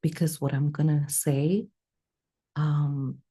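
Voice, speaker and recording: A woman psychic medium telling a personal story in an interview, animated and acting out the dialogue. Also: low voice, takes it slowly, slightly rough. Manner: animated, acts out quoted dialogue. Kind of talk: emotional storytelling.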